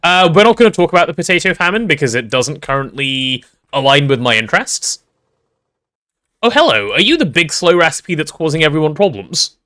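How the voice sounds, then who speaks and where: A man's voice: on the high side, sing-song, brisk, sharp tone. A man streaming a game live, chatting casually and playfully with his viewers, greeting them and repeating words as he reacts.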